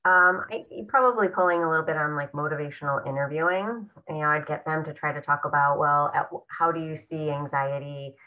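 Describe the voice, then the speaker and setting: A woman presenting to clinicians over a video call, her voice low yet bright and forceful. The audio is dull and lo-fi, and she explains her approach in a calm, affirming, measured way. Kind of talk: clinical teaching discussion.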